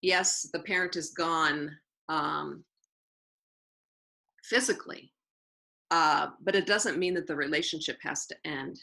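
A woman teacher speaks in a low voice with a gravelly edge and a bright, forceful tone. She tells her stories at length in an interview and slips into quoted dialogue as she goes. She often circles back and repeats her key phrases. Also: unhurried, long pauses, low-quality recording. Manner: lively storyteller who acts out quoted dialogue and repeats phrases. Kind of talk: storytelling in an interview.

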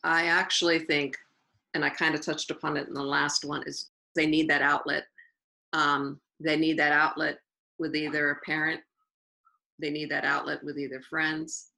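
A woman teacher answers interview questions in an earnest, animated storytelling way, often restarting her sentences. Her voice sits low with a gravelly fry, yet it sounds bright and forceful. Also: normal speed, rough recording.

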